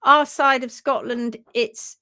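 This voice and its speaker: A hoof trimmer chatting casually on a live stream, her voice slightly high. She laughs often and reads viewers' comments aloud in a playful tone. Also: fairly even intonation, slow pace, bright, forceful tone.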